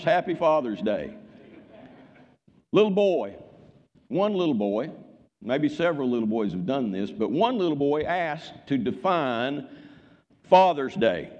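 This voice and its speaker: An older man preaching a sermon in a church, folksy and joking, calling out for amens from the congregation. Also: on the high side. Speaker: pastor. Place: church sanctuary. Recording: muffled church recording with long reverb.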